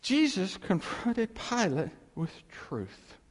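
A man's voice: high-pitched, big pitch swings, slow pace. A man preaching a sermon as a pastor, emphatic and repetitive, with chuckling asides. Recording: echoey hall reverb.

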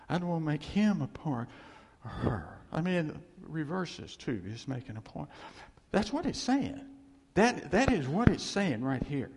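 Animated gravelly preacher in a reverberant hall. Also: male voice, on the high side. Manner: animated, acts out God's voice, rhetorical questions. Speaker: pastor. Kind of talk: sermon.

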